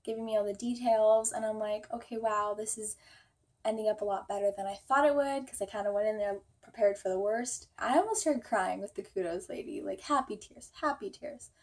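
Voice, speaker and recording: A woman's voice: medium pitch, a little fast, darkish tone. A young woman telling a storytime vlog, chatty and full of fillers, acting out her own quotes. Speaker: vlogger.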